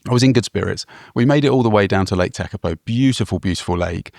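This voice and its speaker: A man's voice: on the low side, fast, vocal fry, darkish tone, dry recording, studio quality. A man co-hosting a travel podcast, telling a rambling, self-deprecating story with small chuckles. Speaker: podcast co-host.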